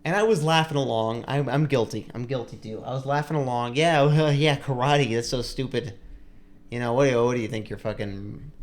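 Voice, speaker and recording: A man's voice: medium pitch, a little fast. A young man on a podcast telling a long story in a casual, rambling way, full of likes and restarts. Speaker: podcast co-host.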